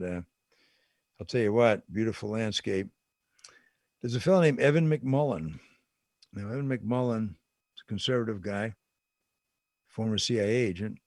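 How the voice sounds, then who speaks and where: A man's voice: on the low side, a little mellow, no room sound, clean studio sound. An older man giving casual political commentary, talking conversationally and repeating phrases for emphasis.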